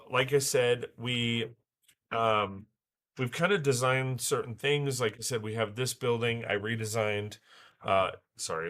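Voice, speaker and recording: Bright-voiced man, a bit raspy from illness. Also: mid-range voice. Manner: chatty, loose, full of fillers and restarts. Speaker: livestream host. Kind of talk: casual livestream chat.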